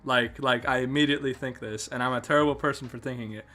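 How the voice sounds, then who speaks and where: A man's voice: medium pitch, fairly even intonation, fast talker, bright, forceful tone, soft background music. A man with a Canadian accent hosting a podcast, telling a travel story in a rambling way with many restarts and fillers. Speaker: podcast host.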